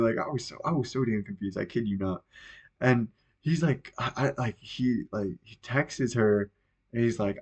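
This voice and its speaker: A man's voice: medium pitch, animated, normal speed, a little mellow, slightly rough. A young man hosting a podcast, telling a story in a rambling, profane, casual way with plenty of fillers. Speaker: podcast host.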